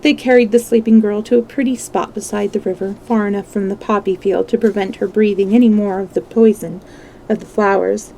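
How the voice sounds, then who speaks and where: A woman reading a children's book aloud in a gentle way, now and then correcting a slip. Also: mid-range voice, steady tone, a little fast, vocal fry, slight background noise, poor audio. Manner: gentle, with small slips and self-corrections. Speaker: storyteller.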